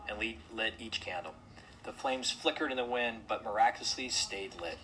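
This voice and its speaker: A man narrating a children's storybook aloud, gentle with occasional slips. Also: fairly low pitch, slight background noise, low-quality recording.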